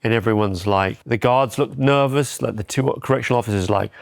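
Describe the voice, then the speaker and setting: Male documentarian, fifties, mid-pitched, dry close mic, wry storyteller. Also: fairly quick, vocal fry, no room sound. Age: 50s. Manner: wry, self-deprecating, animated anecdotes. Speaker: documentary filmmaker, guest. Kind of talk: casual interview storytelling.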